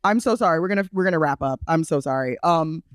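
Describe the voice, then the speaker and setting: A man co-hosting a podcast in casual chat, animated and jumping high in pitch for emphasis. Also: fast talker, smooth, no echo, clean studio sound. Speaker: podcast co-host.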